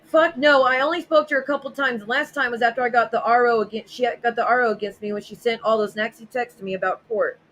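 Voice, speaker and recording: A woman's voice: a little high, steady tone, quick pace, few pauses, fairly bright tone, poor audio. Sarcastic, foul-mouthed woman livestreaming. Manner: blunt, sarcastic, swears freely. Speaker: livestream host. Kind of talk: casual livestream chat, reading viewer messages aloud.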